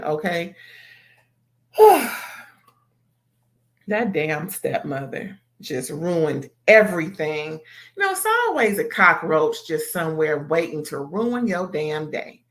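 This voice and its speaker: A woman giving an animated, emphatic recap of a TV episode, swearing and exclaiming as she reacts. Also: low voice. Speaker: TV show reviewer. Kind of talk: casual recap and commentary.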